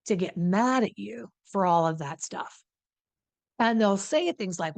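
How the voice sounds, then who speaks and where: Addressing the camera directly, a female host and addiction recovery coach delivers advice in a blunt, emphatic manner full of swearing. She has a mid-range voice at a moderate pace, and the recording has no echo.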